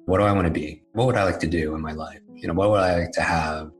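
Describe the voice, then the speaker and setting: A man's voice: low-pitched, fairly even intonation, fast talker, faint music behind, low-quality recording. A man telling a personal story in a candid, self-deprecating, conversational way. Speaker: speaker telling his life story. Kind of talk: storytelling talk.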